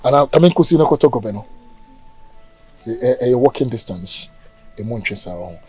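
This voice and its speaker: Fields: a man playing a smooth-talking Ghanaian flirt. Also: medium pitch, lively intonation, brisk, darkish tone, soft background music, poor audio. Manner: smooth-talking, reassuring, persistent. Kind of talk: Ghanaian drama acting, mixing Twi and English.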